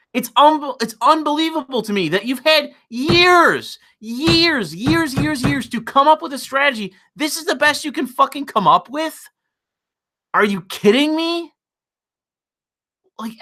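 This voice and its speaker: A man giving an exasperated, profanity-laden political rant on a livestream. His voice swings up and down all the time, with a bright, sharp edge, and he keeps repeating himself and restarting mid-sentence. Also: extremely high pitch. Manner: repeats words and restarts when worked up. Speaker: political commentator.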